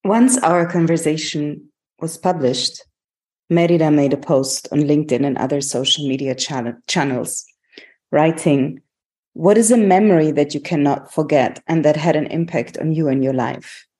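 A woman, the podcast's host, reads a scripted narration in a measured way. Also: low-pitched, warm tone.

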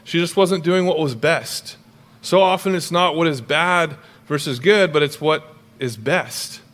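A young man preaching a sermon as pastor, animated and jokey, with quick storytelling asides. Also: on the high side, long reverb tail.

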